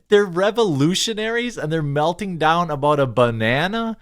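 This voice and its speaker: Sarcastic man with a lively voice. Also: fairly high pitch, normal speed, hardly any pauses. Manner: sarcastic and mocking, bursts of laughter; stammering restarts. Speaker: commentary show host. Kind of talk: reaction commentary.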